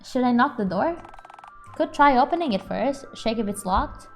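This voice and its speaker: A woman's voice: on the high side, expressive, moderate pace, faint music behind. A young adult woman streamer, playful and giggly, talking casually and swearing as she plays and reads a game aloud. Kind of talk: casual game playthrough commentary.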